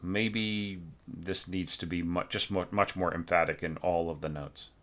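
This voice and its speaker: Deep-voiced man critiquing a score. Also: unhurried. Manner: relaxed, thinks aloud, sings phrases with syllables; frequent fillers and self-corrections. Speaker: orchestration teacher.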